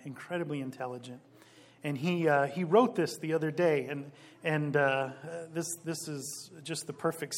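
Emphatic man preaching a sermon. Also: a little high. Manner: emphatic, slows for key phrases; rises loud on quoted scripture. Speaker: pastor.

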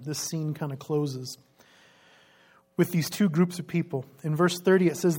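A preacher giving an expository sermon in a lively way, asking the listeners questions and laughing now and then. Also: medium pitch, normal speed, pauses often.

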